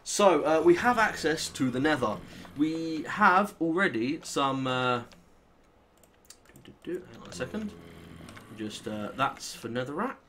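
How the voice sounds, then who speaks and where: A young British man with a British accent, chatting and swearing casually as he plays through a modded game, with sudden excitable outbursts. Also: fairly high pitch, measured pace, slight background noise. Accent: British English. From Britain. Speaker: gaming channel host. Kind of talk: casual Let's Play commentary.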